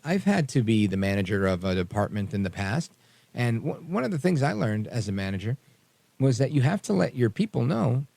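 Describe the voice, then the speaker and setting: A man's voice: medium pitch, gravelly, darkish tone, no room sound. A man hosting a political talk radio show, speaking emphatically in a rambling, slangy way.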